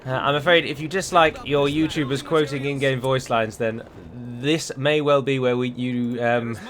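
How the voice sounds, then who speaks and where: A man's voice: mid-range voice, steady tone, normal speed, a bit bright. A man with an English accent giving casual let's-play commentary on a strategy game, chatty and prone to rambling asides. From England. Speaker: gaming YouTuber.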